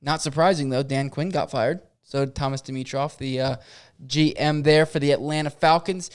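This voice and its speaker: An upbeat, chatty man co-hosting a laid-back sports podcast. His voice is smooth and clear and sits a bit high for a man, and he talks in an easygoing, friendly way. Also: steady tone, normal speed. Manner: upbeat, chatty, laughs easily. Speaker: podcast co-host. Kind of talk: casual sports chat.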